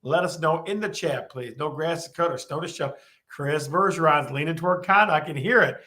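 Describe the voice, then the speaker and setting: A man hosting a live-streamed real estate show, talking with a lot of energy. His voice sits a bit high, and he keeps repeating his questions to the chat. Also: a little fast, pushed and bright.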